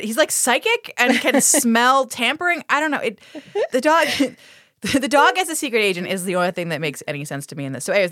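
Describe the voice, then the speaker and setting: A woman's voice: medium pitch, fairly bright tone, no room sound, studio quality. A woman co-hosting a podcast, recapping a TV episode in casual chat, laughing often, swearing, and acting out the characters' lines in funny voices. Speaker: podcast co-host.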